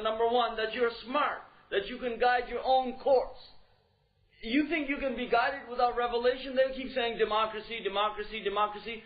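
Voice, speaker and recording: A man giving a religious lecture in an emphatic style, repeating key phrases and asking rhetorical questions. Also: very high-pitched. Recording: dull lo-fi recording.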